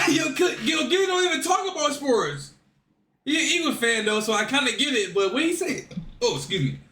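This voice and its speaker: A man hosting a reaction video, talking casually, incredulous and excitable, repeating himself as he reacts. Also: very high voice, a little fast, recorded from a distance. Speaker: reaction host. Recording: echoey room, voice off-mic.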